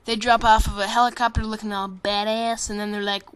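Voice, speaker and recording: A person giving casual, rambling commentary over a game trailer, joking and swearing, with constant fillers and restarts. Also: female voice, medium pitch, flat delivery, fairly quick, clear, resonant tone. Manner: rambling and jokey, with frequent swearing; self-interrupting, with many fillers and restarts.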